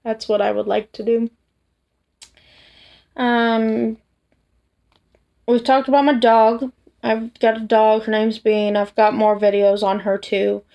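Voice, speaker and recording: A woman vlogger chatting casually to camera, soft and hesitant, tired after work. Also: fairly high pitch, flat delivery, slow, creaky, pauses often, muffled recording. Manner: soft, hesitant, with many restarts and fillers. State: tired, yawning. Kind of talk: casual personal chat to camera.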